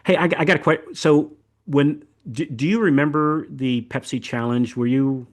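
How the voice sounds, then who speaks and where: A man's voice: fairly high pitch, steady tone, moderate pace. An older man from the American South hosting a podcast, talking in a casual, rambling, folksy way and often repeating words as he goes. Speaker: podcast host. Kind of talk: casual chat.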